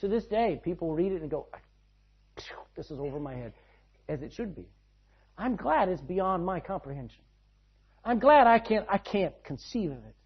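Male preacher, husky and a little high-pitched, dramatic loud-soft delivery; muffled lo-fi recording. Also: lively intonation, normal speed. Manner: dramatic swings between loud and hushed. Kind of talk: sermon. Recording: dull lo-fi sound.

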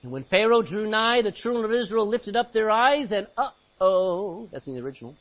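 A man preaching a sermon, reading scripture aloud and breaking into sudden loud outbursts. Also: sits high, sing-song, fast talker. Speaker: pastor. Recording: muffled lo-fi recording.

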